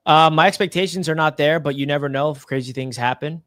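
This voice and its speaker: A man's voice: on the high side, fast talker, a bit bright, no echo, studio quality. A man on a casual podcast panel, giving confident, emphatic football analysis. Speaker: Jets fan panelist.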